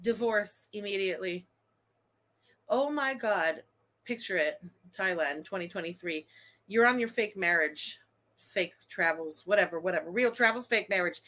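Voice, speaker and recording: A woman's voice: mid-range voice, normal speed, fairly bright tone. A woman hosting a commentary stream, reacting to a livestream with blunt, sarcastic, foul-mouthed remarks. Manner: blunt, sarcastic, swears freely. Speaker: commentary channel host.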